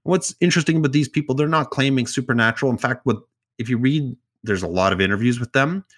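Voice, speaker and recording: A man in an easygoing podcast chat, retelling a strange tale at a middle pitch. His delivery is loose and conversational, with side remarks and jokes woven between the facts. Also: fast talker. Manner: summarizes stories loosely with asides and jokes. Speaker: podcast co-host telling stories. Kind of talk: casual storytelling chat.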